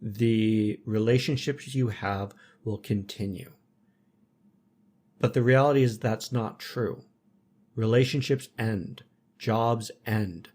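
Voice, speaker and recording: A man in casual conversation, speaking reflectively in measured, philosophical statements. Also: on the low side, a little mellow. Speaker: podcast guest.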